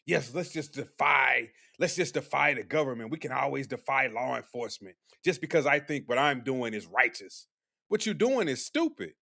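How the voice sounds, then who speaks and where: Brief: blunt young male streamer arguing with his chat, slangy and combative, animated pitch. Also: normal speed, creaky. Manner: blunt, combative, preachy slang-heavy delivery. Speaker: livestream commentator. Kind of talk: live-stream commentary reacting to chat.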